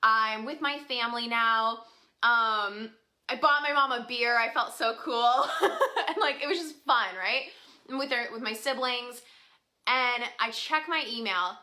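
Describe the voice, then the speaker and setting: A woman's voice: a little high, unhurried, pushed and bright. A young woman casually telling a story to her viewers, chatty and full of "like" fillers, laughing often. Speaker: vlogger.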